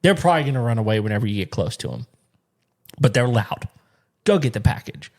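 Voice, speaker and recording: A man's voice: medium pitch, lively intonation, fairly quick, pauses often. A man co-hosting a home show, chatting casually and acting out both sides of a phone call as he tells a story, often laughing. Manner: laughs often while telling stories. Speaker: podcast co-host. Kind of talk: casual chat.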